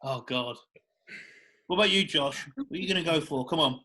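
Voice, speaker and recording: A British man co-hosting a podcast, crude and excitable, laughing often in casual banter. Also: fairly high pitch, moderate pace. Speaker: podcast co-host.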